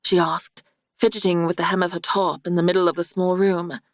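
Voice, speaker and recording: Woman narrating an audiobook, measured and dry. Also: on the low side, level tone, no echo. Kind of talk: scripted narration.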